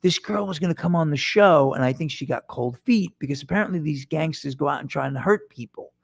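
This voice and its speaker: Speaking into a microphone set before him, a middle-aged man runs a casual one-man podcast monologue full of restarts and jokes at his own expense. His voice sits fairly high and sounds brisk, creaky and husky. There is no room sound on the recording.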